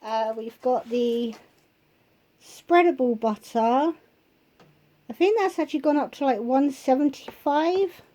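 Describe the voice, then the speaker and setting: A woman with a heavy cold, her voice going hoarse, chatting casually through a grocery haul at home. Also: high voice, warm tone. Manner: chatty, listing prices, pausing to think. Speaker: vlogger. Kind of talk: casual shopping haul chat.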